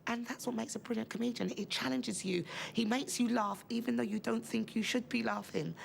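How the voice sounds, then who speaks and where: Gravelly expressive woman interviewee. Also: fairly high pitch, fairly quick, slight background noise. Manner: expressive, acting out gasps in her stories. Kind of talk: documentary interview.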